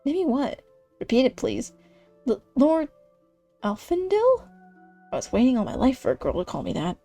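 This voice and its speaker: A woman's voice: high-pitched, very animated, moderate pace, warm tone, soft background music, heavily acted. A woman playing a whiny elf-obsessed guy. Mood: eager. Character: lovesick nerdy man obsessed with elves.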